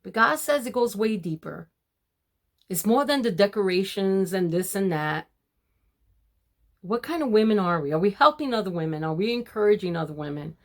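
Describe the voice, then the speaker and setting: Older woman, homemaking vlogger; warm, preachy devotional chat. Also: medium pitch, animated, moderate pace. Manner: warm, preachy, addresses viewers as ladies. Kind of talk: casual devotional talk to viewers.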